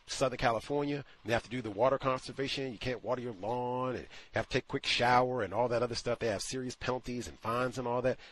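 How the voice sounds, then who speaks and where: A man's voice: medium pitch, a bit bright, breathy edge, no echo. A man hosting a call-in talk show, speaking in an emphatic, incredulous monologue. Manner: emphatic, incredulous, acts out quotes. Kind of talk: opinionated radio monologue.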